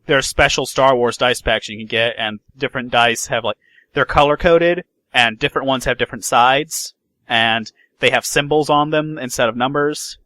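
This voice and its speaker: A man's voice: mid-range voice, normal speed, bright, forceful tone, dry recording, rough recording. A man hosting a podcast, chatting casually about game news and often restarting his sentences. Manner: rambling, many restarts and fillers. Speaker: podcast host. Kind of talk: casual gaming news chat.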